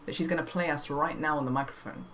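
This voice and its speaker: A woman's voice: sits low, steady tone, fast, a bit bright, a little hiss or hum. A woman hosting a casual chat, eager and leading the conversation with questions. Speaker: host.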